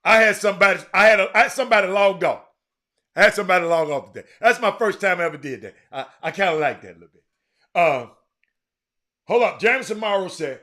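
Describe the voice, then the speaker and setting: A middle-aged man hosting a sports talk show, chatting casually and teasing viewers in the comments with loud, animated outbursts. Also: high-pitched, fast. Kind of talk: casual live-stream chat reading the comments.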